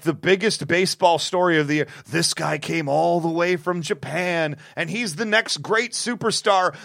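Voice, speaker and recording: A man with a slightly high voice co-hosts a loose sports chat, throwing in sarcastic jokes and quick asides. The sound is dry and close, with no room around him. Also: a bit bright, no room sound. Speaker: podcast co-host.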